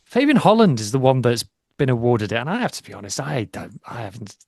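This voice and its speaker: A man co-hosting a casual podcast, chatty and a little self-deprecating. His voice sits at a middle pitch, and the recording is dry and close. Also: very animated, fast, no echo. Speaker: podcast co-host. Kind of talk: casual chat.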